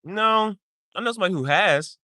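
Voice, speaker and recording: Man, podcast host, casual joking chat, very bright tone, dry close sound. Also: high voice, expressive, a little fast, no echo. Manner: playful, laughs often, mock-pronounces foreign words.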